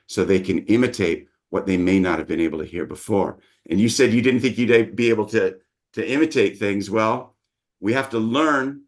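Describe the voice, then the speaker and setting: Low-voiced middle-aged male dialect coach. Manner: measured, patient, teacherly. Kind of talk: explanatory interview talk.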